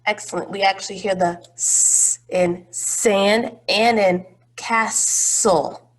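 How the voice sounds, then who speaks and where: A woman's voice: mid-range voice, fairly even intonation, slow. A woman teaching a phonics lesson to young children, patient and encouraging, drawing out each word.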